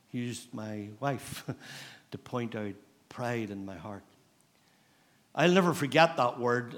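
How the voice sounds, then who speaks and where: A middle-aged pastor with a Northern Irish accent preaches a sermon in a church, telling stories conversationally and repeating phrases for emphasis. His voice sits in the mid range.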